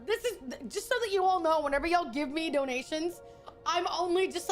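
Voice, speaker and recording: A high-pitched woman chatting her way through a game on stream. She gushes and exclaims as she plays, swearing casually now and then. Game music plays clearly behind her voice. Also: fairly quick. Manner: excitable, gushing reactions, swears. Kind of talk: casual gameplay commentary.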